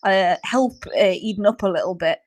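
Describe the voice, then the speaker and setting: A woman's voice: medium pitch, normal speed. Woman, game master, casual rules-explaining narration, lots of "kind of" and "uh". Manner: hesitant, filler-heavy, explaining rules.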